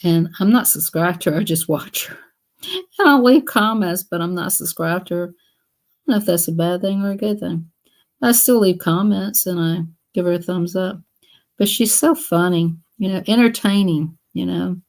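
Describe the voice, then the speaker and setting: A woman's voice: on the low side, normal speed, darkish tone. A woman hosting a casual live stream, chatting in a rambling, repetitive way. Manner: rambling, chatty, repeats herself.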